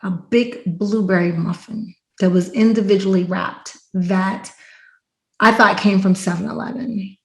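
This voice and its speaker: Woman podcast host, animated storyteller, casual chat, echoey room. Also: medium pitch, a little slow, creaky. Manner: animated storyteller, acts out quotes loudly. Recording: roomy echo.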